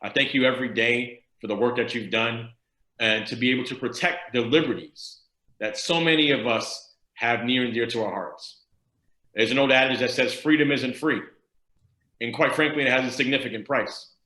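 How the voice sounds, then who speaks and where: Man with a bright, forceful voice; rousing address, echoey room audio over a video call. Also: mid-range voice, moderate pace. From the Bronx, New York. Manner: rousing, preacher-like speech. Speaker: state senator. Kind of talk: speech to a virtual event.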